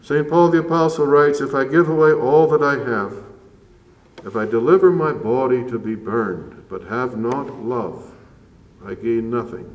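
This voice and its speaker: A man preaching a sermon as a priest, measured and earnest with slow emphatic pauses. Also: mid-range voice, dull audio. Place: church. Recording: roomy church echo from far off.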